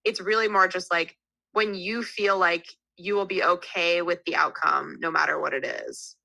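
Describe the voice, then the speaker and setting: A woman's voice: lowish voice, moderate pace, vocal fry, no echo, low-quality recording. A woman in her thirties, a podcast guest in casual chat, telling stories candidly and animatedly with lots of "like". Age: 30s. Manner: candid, animated storyteller full of "like" fillers.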